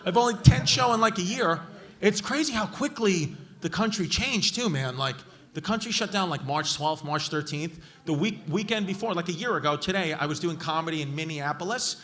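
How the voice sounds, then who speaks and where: Brash New York comic with a high voice. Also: male voice. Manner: brash, profane, roasting hecklers, frequent shouting. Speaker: stand-up comedian. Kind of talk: live stand-up crowd work. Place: comedy club stage with a laughing crowd. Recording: live club audio with crowd laughter.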